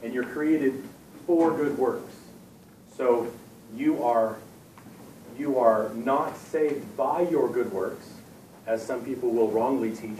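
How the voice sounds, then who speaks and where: A man's voice: medium pitch, slow pace, dark tone, a little hiss or hum. A man teaching a Bible lesson to a youth group, talking casually with fillers and repeated words. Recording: echoey room, from far off.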